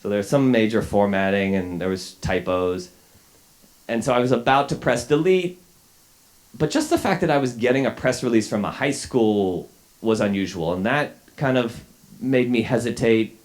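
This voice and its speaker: A man's voice: medium pitch, normal speed. Self-deprecating man telling a story onstage. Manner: self-deprecating, wry, with frequent fillers and restarts. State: a little sick, coughing. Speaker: journalist giving a talk. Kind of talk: storytelling talk to an audience. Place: lecture hall with a live audience.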